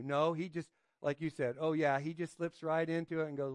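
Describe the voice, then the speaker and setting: A man's voice: a little high, little pitch movement, moderate pace, few pauses, no room sound. Man preaching a casual, chatty sermon. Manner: informal, asks the listeners questions, keeps adding "right?"; hesitant, with frequent fillers and restarts. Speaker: pastor. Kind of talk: conversational sermon with scripture reading.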